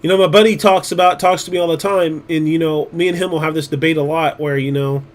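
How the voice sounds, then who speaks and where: High-voiced blunt male streamer. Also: steady tone, quick pace. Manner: blunt, profane, rambling. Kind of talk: casual livestream chat.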